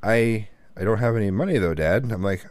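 A father chats casually and tells a long family story, acting out each person's words along the way. His voice sits low and the recording is dry and close. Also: fairly quick, a little mellow, dry recording. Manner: storytelling, quoting family members. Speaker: podcast co-host, father. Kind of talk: casual chat.

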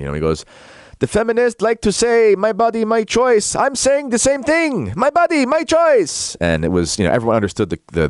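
A man's voice: sits low, dry recording, studio quality. A male talk show host giving a rambling monologue, then reading a book aloud, with frequent fillers and self-corrections.

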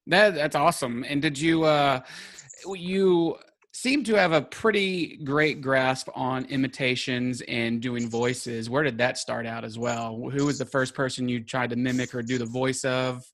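A man's voice: medium pitch, steady tone, unhurried, a bit bright. A man hosting an interview, asking friendly questions and piling on follow-ups. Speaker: interview host. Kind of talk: casual interview.

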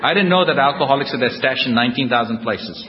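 A man's voice: mid-range voice, lively intonation, fast, a loud crowd. A man giving a humorous personal recovery talk to a live audience, telling his story with wry, self-deprecating storytelling. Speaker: guest speaker at a recovery convention. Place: large hall before a live audience. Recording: dull lo-fi hall recording with noise.

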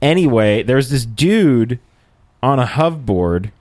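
Casting: a man with a lively pitch telling a story on a podcast, close dry mic, rambling and profane. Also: measured pace, dry recording. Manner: rambling, swearing, laughs mid-story. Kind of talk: casual chat, storytelling.

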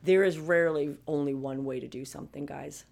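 A woman's voice: deep voice, fairly even intonation, brisk, creaky, darkish tone. A woman in her fifties talking casually and emphatically to her viewers about advocating for yourself, often restarting her sentences. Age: 50s. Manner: chatty and emphatic, with frequent restarts. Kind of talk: casual personal talk to viewers.

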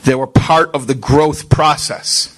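Teaching a Torah class, a rabbi with a medium-pitched voice talks slowly and earnestly, speaking straight to his listeners. He poses rhetorical questions and mixes Hebrew and Yiddish religious words into his conversational sermon.

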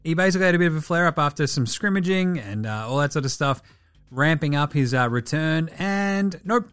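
A man's voice: a little high, expressive, fairly bright tone, clean tone, no echo, soft background music. Swearing Australian man talking basketball. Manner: profane, joking, rapid asides. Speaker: basketball podcast host. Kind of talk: casual sports chat.

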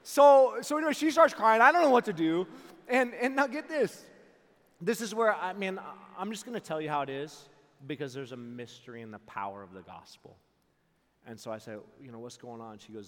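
A young man giving a youth camp sermon, telling a personal story with loud jokes and hushed earnest parts. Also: high-pitched, lively intonation, fairly quick. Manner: acts out voices in quotes, repeats words. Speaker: camp speaker. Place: large camp auditorium. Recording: long hall reverb.

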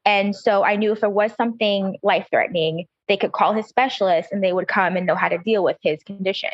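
A mother telling a personal story in a casual, halting way, with many fillers and restarts. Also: medium pitch, dry recording, muffled recording.

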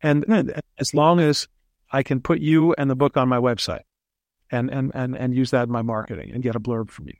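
A man being interviewed as a ghostwriter, telling animated stories with frequent restarts. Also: mid-range voice, fairly quick, no echo. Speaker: ghostwriter guest. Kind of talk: casual interview storytelling.

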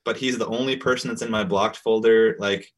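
A man's voice: on the low side, fairly even intonation, a little fast. A man co-hosting a podcast, telling stories in an easygoing, self-deprecating way. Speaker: podcast co-host. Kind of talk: casual chat.

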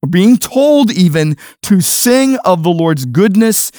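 A man preaching a sermon as pastor, emphatic, shifting between quiet low phrases and raised stressed words. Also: very animated, slow pace, dry recording, studio quality.

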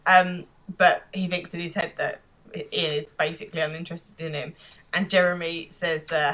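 English woman co-host, dry and grumbling, slightly low register. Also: level tone, normal speed, a bit bright. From England. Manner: wry, dry complaining. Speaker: podcast co-host. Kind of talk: casual chat.

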